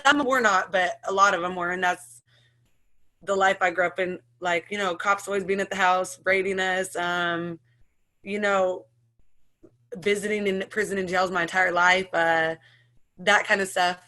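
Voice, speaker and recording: Being interviewed, she recounts her own story emotionally and in a rambling way, restarting often and laughing nervously. She's an American woman in her thirties whose fairly low voice sounds pushed and bright, with moderate pace and fairly even intonation.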